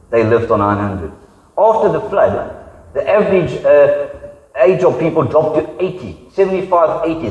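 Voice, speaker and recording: A man delivers a sermon in an easy, conversational way, slipping into the voices of the people he quotes. His voice sits a little high. The recording is dull and carries the long echo of a church hall. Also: darkish tone. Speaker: pastor. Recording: echoey hall, dull sound.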